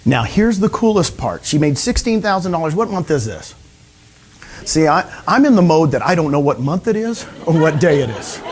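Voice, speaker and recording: A man giving an energetic motivational seminar talk to a live audience, often asking them questions. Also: a little high, moderate pace, slight background noise. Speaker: speaker at a real estate training session.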